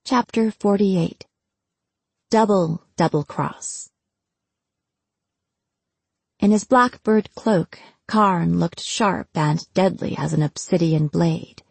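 A woman narrates an audiobook in an even, measured way. Her voice is husky with a gravelly edge. It is recorded dry and close, with no room sound. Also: fairly low pitch, no echo. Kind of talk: scripted narration.

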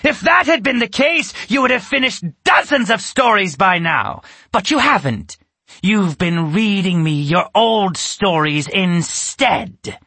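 A cruel, snapping witch, played by a man reading a storybook aloud, who turns from icy menace to shrieking rage. Her voice sits high, with swooping pitch and a husky grain, in a dry, close recording. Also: animated, unhurried, bright, forceful tone, no room sound, full character voice. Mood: furious. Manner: snapping, menacing, bursts into screams. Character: cruel, spiteful female witch who keeps children.

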